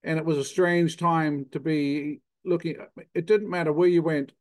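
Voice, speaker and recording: An older man with a New Zealand accent speaks as an interview guest, explaining technical details in a plainspoken, self-deprecating manner. His voice sits a touch higher than most men's. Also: fairly even intonation, normal speed, a little mellow. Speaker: guest, cheese consultant.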